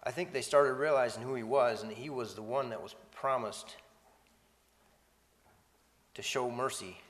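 A man in a reverberant space reads scripture aloud and comments between the passages. He stumbles and restarts now and then. His voice sits at a middling pitch. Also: a little slow. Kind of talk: Bible study reading and commentary.

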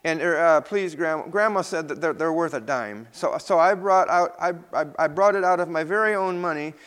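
A man's voice: on the high side, normal speed, a bit bright, smooth, voice pushed up, close to an everyday voice. A man playing a stammering, tearful little boy. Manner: stammering, pleading.

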